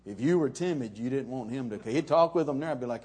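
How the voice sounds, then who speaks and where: A man's voice: medium pitch, fast talker, a little mellow, breathy edge. A middle-aged man, preaching a sermon in a folksy, storytelling way. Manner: folksy, chuckling, conversational. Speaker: pastor.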